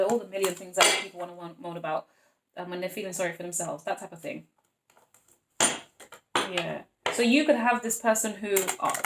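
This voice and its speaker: A woman's voice: mid-range voice, noisy background. A woman giving a casual tarot reading, chatting freely, laughing often and acting out the voices of the people she describes. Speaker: tarot reader.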